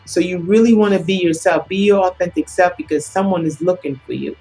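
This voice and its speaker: Low-voiced woman giving earnest advice. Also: brisk, warm tone, soft background music, rough recording. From the Caribbean islands. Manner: earnest, emphatic, repeats key phrases. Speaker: relationship advice co-host. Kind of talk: casual advice chat.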